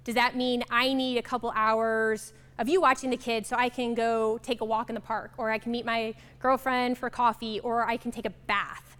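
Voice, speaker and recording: A woman's voice: fairly high pitch, little pitch movement, normal speed, hardly any pauses, a bit bright, clear, resonant tone. A woman facilitating a workshop, upbeat and affirming as she draws answers from the group. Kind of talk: interactive workshop talk.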